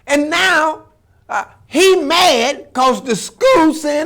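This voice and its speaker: Guy ranting on his show, high gravelly voice, preachy and loud about it. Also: animated, takes it slowly. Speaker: commentary show host. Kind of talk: animated opinion commentary.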